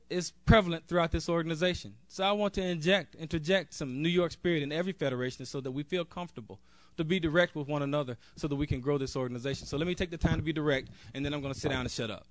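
A man's voice: fairly high pitch, fast talker, few pauses, dry recording. A man, a national board member, giving an earnest, direct convention speech off the cuff, with a few restarts. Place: convention hall.

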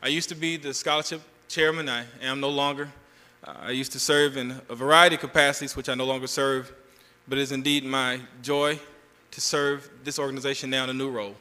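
Bright Southern man speaking in a hall. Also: mid-range voice, steady tone, a little fast, few pauses. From Georgia, US South. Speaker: national representative giving a convention address. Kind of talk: speech at a convention. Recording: long hall reverb.

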